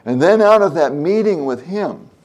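An older man preaching a relaxed, conversational sermon as a pastor, often pausing with fillers as he addresses young listeners. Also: fairly high pitch.

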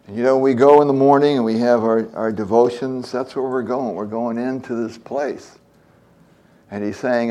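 An older man preaching a relaxed, conversational sermon as a pastor, often pausing with fillers as he addresses young listeners. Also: medium pitch, muffled recording.

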